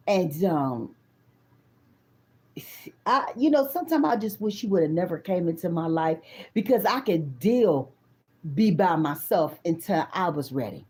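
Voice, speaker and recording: Blunt, profane woman in her fifties, mellow voice. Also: on the low side. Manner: blunt, profane, animated, talks straight to the viewers. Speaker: tarot reader. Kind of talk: casual personal storytelling.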